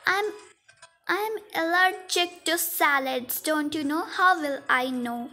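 A woman's voice: high voice, takes it slowly, bright, forceful tone, soft background music, exaggerated voice. A woman voicing a rude, huffy woman customer in a toy cafe role-play. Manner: rude and scolding.

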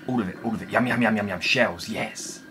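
A young man commenting on a horror game he is playing, jumpy and excitable, swearing and talking to himself. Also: on the low side, a little fast, noisy background. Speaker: gaming video host. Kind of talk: let's play commentary.

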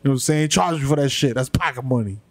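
A man's voice: mid-range voice, racing, dry recording. A man co-hosting a comedy podcast, riffing boastful, profane bits with swagger. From the Bronx, New York. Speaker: podcast co-host. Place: podcast studio.

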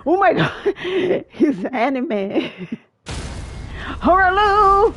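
A woman streamer commenting live on her gameplay, excitable, often yelping and laughing. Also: very high-pitched, very slow. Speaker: streamer playing a video game.

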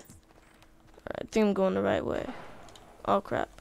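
A woman giving casual, chatty commentary while playing a video game, easily excited by what she finds. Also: mid-range voice, unhurried, gravelly, smooth. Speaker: gaming video creator.

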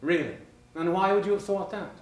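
A man's voice: high voice, fairly quick, lightly acted. An actor playing a cold, sarcastic middle-aged husband confronting his wife, with a clipped, formal and mocking delivery in a stage play. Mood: icy. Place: theater stage. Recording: roomy theater, faint noise.

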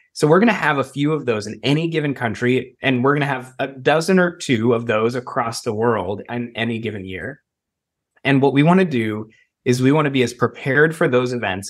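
A man from the United States answering interview questions as an emergency preparedness expert, measured with emphatic bursts. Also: medium pitch.

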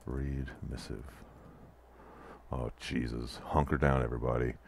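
A man's voice: very deep voice, flat delivery, a little slow, vocal fry, a little mellow, breathy edge. A man playing an interactive fiction game, reading its text aloud and adding dry, wry asides of his own. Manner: dry wry asides between narrated passages. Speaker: let's play player reading text aloud.

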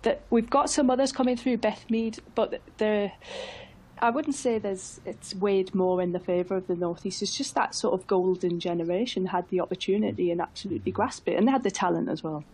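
A woman's voice: mid-range voice, a little fast, darkish tone, husky, rough recording. A woman from England, chatting as a football pundit on a radio phone-in. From North East England. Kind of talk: casual studio chat. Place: radio studio.

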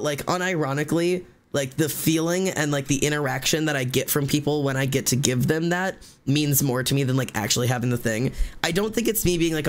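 Streaming live, a medium-pitched man tells a long story in casual chat. He rambles quickly, full of fillers and restarts.

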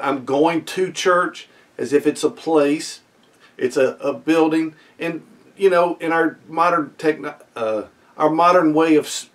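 A man preaching a midweek sermon as pastor, earnest and emphatic, often putting questions to his listeners. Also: fairly high pitch. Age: adult student.

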